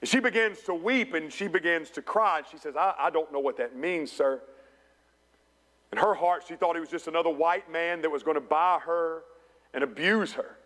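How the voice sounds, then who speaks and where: A man's voice: on the high side, a little fast. Impassioned preacher man in a reverberant church. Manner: impassioned preaching with swells and hushed storytelling. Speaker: pastor. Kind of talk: sermon. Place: church sanctuary.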